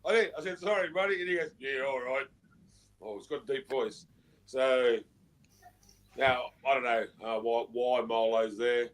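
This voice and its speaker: A man co-hosting a sports fan podcast, laid-back and hesitant, often pausing with ums. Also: medium pitch, background noise. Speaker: podcast co-host. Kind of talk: casual fan panel chat.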